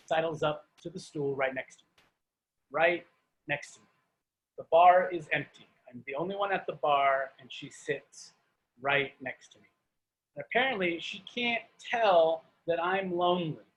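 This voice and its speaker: A man's voice: on the high side, lo-fi sound. A middle-aged man, a performance poet, doing a comic spoken-word reading over a video call. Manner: animated, comic delivery.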